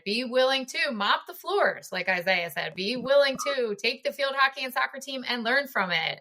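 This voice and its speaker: Bright-voiced woman podcast host. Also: mid-range voice. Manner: effusive, praising and chatty. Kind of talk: casual interview chat.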